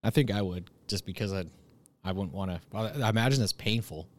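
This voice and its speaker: A man's voice: lowish voice, a little fast. Laid-back young man, casual chat. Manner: laid-back, laughs often, swears casually.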